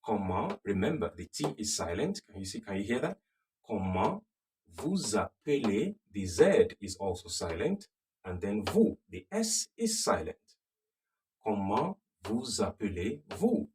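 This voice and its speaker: A man teaching a recorded beginner French lesson, patiently repeating phrases slowly and checking in with the viewer. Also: fairly low pitch, sing-song, a little mellow, far from the mic, a little hiss or hum.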